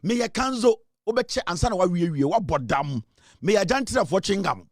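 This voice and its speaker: A young Ghanaian-accented man gives lively, mocking political commentary, his voice sitting a little higher than most men's. He laughs often and keeps swinging between loud outbursts and low asides. The sound is close and dry. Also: a little fast, dry recording. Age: young adult. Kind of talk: animated live political commentary.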